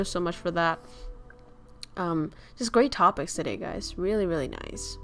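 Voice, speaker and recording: A woman hosting a casual chat stream, joking and rambling, laughing often and swearing casually. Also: on the low side. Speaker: streamer host.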